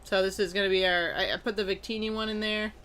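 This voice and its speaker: Bright-voiced upbeat card-opening streamer. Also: mid-range voice, quick pace, smooth. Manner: upbeat, greets viewers by name, frequent loud excited outbursts. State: allergy attack, sneezy. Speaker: live-stream host opening trading cards. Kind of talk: casual live-stream chat.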